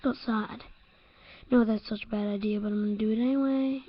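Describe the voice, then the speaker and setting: A young woman giving excitable, jumpy commentary over a horror game, laughing at her own scares. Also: medium pitch, fast, dull audio, faint music behind. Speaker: let's-play gamer.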